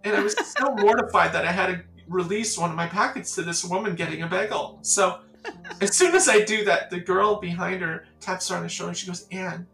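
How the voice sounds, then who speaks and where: Songwriter woman, low gravelly voice, lively storyteller, roomy echo. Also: brisk, faint music behind. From Catskills, New York. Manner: animated storyteller acting out quoted voices. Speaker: songwriter guest. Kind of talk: casual storytelling interview.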